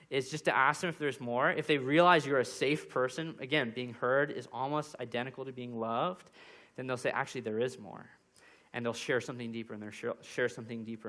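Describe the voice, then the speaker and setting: A man's voice: mid-range voice, pushed and bright. A young man giving a sermon as pastor, walking through numbered points and acting out little example quotes. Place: church.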